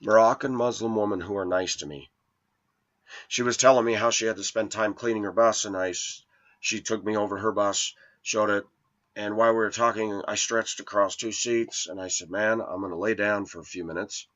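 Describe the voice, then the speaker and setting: A man's voice: fairly low pitch, steady tone, moderate pace, fairly bright tone, dull audio. A man in his forties telling a rambling personal story in an indignant, preachy way to his viewers. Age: 40s. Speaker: vlogger.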